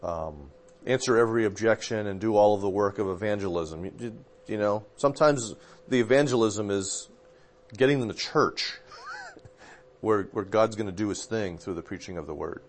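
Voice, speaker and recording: Speaking at a moderate pace in a lowish register, a male pastor discusses theology in an easygoing conversation. His talk wanders somewhat, full of filler words and self-corrections as memories surface.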